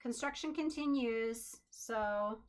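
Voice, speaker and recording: A woman's voice: on the high side, takes it slowly, clear, resonant tone. A woman hosting a home craft tutorial, chatting in an upbeat way and thinking aloud as she works at her desk. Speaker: crafting channel host.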